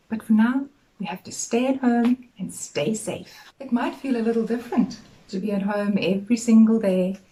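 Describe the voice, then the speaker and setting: A middle-aged woman teacher gently speaking to young children in an assembly talk, telling them a story in a sing-song way. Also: a little high, rough recording.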